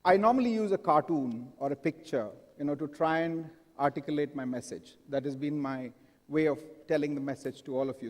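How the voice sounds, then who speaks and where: Higher-voiced man in a reverberant hall. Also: darkish tone. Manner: engaging, asks the audience frequent questions. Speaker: conference speaker. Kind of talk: live conference talk. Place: large hall with a live audience.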